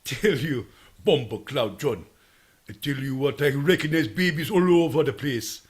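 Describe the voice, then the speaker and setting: A man doing a playful impression of a laid-back Jamaican man, in a low, hushed, drawling Jamaican accent. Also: moderate pace, lightly acted. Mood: rambling. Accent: Jamaican, put on.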